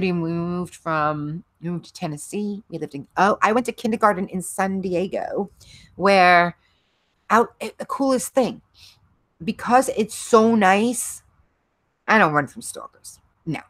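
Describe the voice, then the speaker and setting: A woman's voice: fairly low pitch, dry recording. A middle-aged woman hosting a livestream, chatting casually with viewers, rambling and laughing often. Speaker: livestream host. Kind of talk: casual chat with live viewers.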